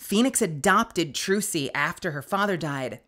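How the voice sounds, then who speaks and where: A young woman casually commenting on a video game as she plays it, excitable, gushing and chatty. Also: on the low side, unhurried. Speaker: streamer playing a game. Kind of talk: casual let's-play commentary. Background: game music.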